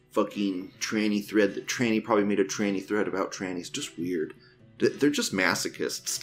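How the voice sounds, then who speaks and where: A man hosting a show, reading forum posts aloud with crude, mocking commentary and frequent laughter. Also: lowish voice. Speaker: host.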